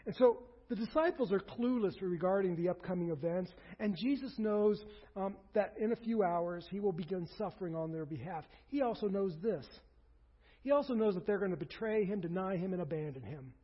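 A man's voice: high-pitched, brisk, breathy edge, in a large hall, highs cut off. A man preaching a sermon as pastor, earnest, acting out quoted speech with rising emphasis.

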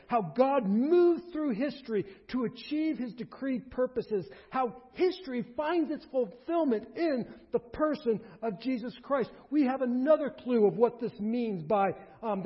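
A man preaching a sermon as a pastor, emphatic and rising to forceful peaks. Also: extremely high pitch. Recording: dull lo-fi sermon recording.

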